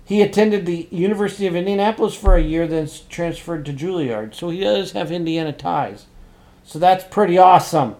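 An excitable man chatting casually about upcoming films on a podcast. His voice sits a little higher than average, and he swings from hushed, muttered asides to sudden loud outbursts. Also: a little fast. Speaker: podcast co-host. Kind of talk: casual chat about movies.

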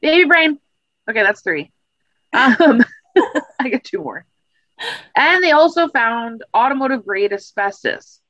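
A woman's voice: a little high, big pitch swings, unhurried, long pauses, a bit bright, dry recording. A woman co-hosting a podcast, retelling a TV episode in a casual, rambling way and correcting herself as she goes. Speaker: podcast co-host. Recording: dull lo-fi recording.

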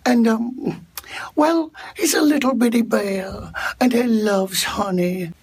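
A man voicing a gentle, honey-loving little cartoon bear, soft, slow and breathy. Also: very high voice, voice pushed up, exaggerated voice. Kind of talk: recorded greeting video.

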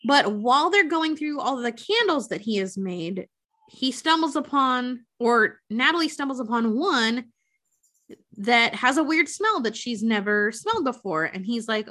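A woman's voice: fairly high pitch, lively intonation, a little slow, sharp tone. A woman in casual chat, retelling a story with frequent swearing and acted-out quotes. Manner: chatty, swears freely, acts out quotes. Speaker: podcast co-host recapping a film.

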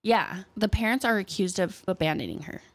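This is a young woman from Southern California talking through a story on a podcast. She is casual and lively, and she often acts out the people she quotes. Her voice sits at a middle pitch. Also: a little fast. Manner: chatty, animated, jumps into playful voices when quoting people. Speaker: podcast co-host.

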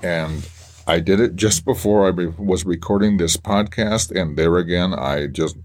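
A man hosting a faith podcast, talking earnestly and emotionally with halting restarts. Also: deep voice, darkish tone. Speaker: podcast host. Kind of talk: personal faith podcast monologue.

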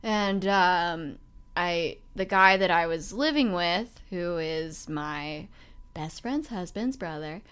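A young woman appearing as a guest speaks frankly about her past, taking it slowly in a slightly low, smooth, clear voice. Her loose run-on sentences loop back on themselves with steady "like" fillers, and she tells it plainly without dressing it up.

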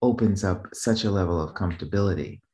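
A business trainer from the Boston area speaks at a quick pace in a mellow voice, telling stories casually and conversationally. He rambles, restarts often and keeps checking in with "right?", acting out quoted voices in a raised pitch.

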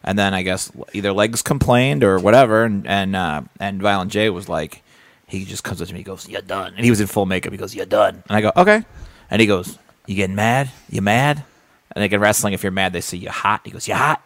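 Laid-back low-voiced male comedian. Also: brisk, no room sound. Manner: rambling storyteller, acts out quotes, swears casually. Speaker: comedian and co-host. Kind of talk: casual podcast chat.

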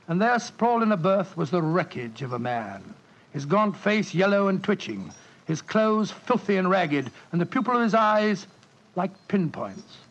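An earnest narrator. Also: male voice, high-pitched. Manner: earnest, measured, dramatic narration. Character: earnest male doctor narrator, proper and upright. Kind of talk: 1940s radio drama narration. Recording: dull old radio recording with music.

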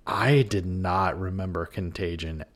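Low-voiced man chatting on a podcast. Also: unhurried. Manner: animated and joking, with laughs and bits of quoting. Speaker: podcast co-host. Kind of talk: casual chat.

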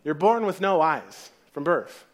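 A man's voice: a little high, expressive, a little slow. A man preaching a sermon in a casual storytelling way, acting out the people in the story. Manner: casual storytelling, acts out voices.

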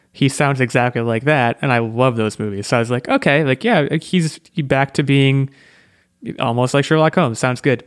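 A man's voice: mid-range voice, clean tone, dry recording, studio quality. A man hosting a podcast, talking casually with lots of fillers and restarts. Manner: chatty, hedging, lots of "like" and restarts. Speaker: podcast host. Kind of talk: casual chat.

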